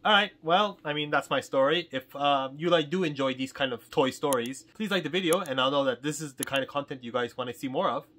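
Male toy shop vlogger, rambling and jokey, bright voice. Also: on the high side, a little fast, hardly any pauses, slight background noise. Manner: rambling, jokey, acts out quotes. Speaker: toy store owner and vlog host. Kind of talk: casual storytelling vlog.

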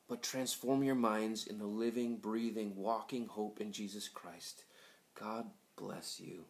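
A man who is a school pastor, giving a sermon at a graduation, swinging from loud pleading to hushed, whispered passages. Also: fairly low pitch.

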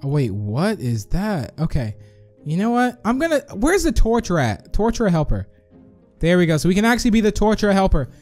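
High-pitched young dude, chatty gaming commentary, quick reactions, faint music. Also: male voice, very animated, darkish tone. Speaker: gaming video host. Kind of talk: excited gameplay commentary.

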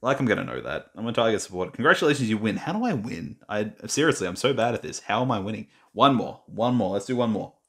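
A man's voice: fairly low pitch, very animated, fast talker, hardly any pauses, fairly bright tone. A young Australian man chatting casually while reading quiz questions aloud, muttering and mocking himself. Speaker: gaming vlogger. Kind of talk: casual screen-recorded commentary.

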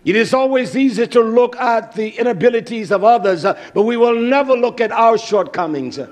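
A man preaching a fiery sermon, fervent and emphatic, drawing out words and breaking into shouts. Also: very high voice, brisk.

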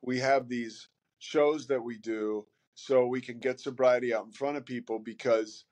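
A man's voice: mid-range voice, fairly even intonation, measured pace, a little mellow. A man speaking as a podcast guest in casual conversation, candid and rambling, with many fillers and some swearing.

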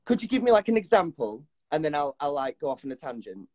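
A man talks into a phone as a guest on a live stream. His voice sits a touch high, and he comes across eager and giggly, with a self-deprecating edge. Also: sing-song, fast talker, a little mellow, highs cut off. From England. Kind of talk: casual live-stream chat.

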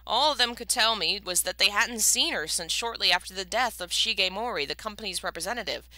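A woman reading as a calm, doubtful male colleague. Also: mid-range voice, fairly quick, no echo, voice pushed up. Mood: matter-of-fact. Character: level-headed skeptical male colleague on the phone. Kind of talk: live book reading.

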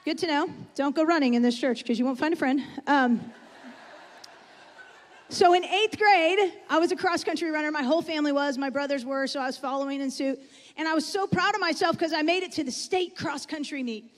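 A woman with a voice that sits high preaches briskly in a church sanctuary. She's chatty, speaking conversationally and frequently asking the congregation questions, all under the long reverb of the church hall.

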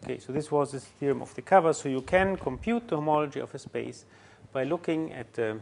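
A man giving a university mathematics lecture, halting often with fillers and restarts as he works through a proof. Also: fairly high pitch, creaky, a little hiss or hum. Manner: halting, many fillers and restarts while writing.

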